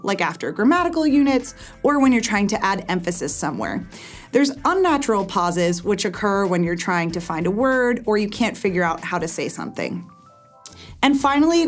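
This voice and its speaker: A woman teaching in an explanatory video lesson, speaking clearly and addressing viewers directly in a friendly way. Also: medium pitch. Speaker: test prep teacher.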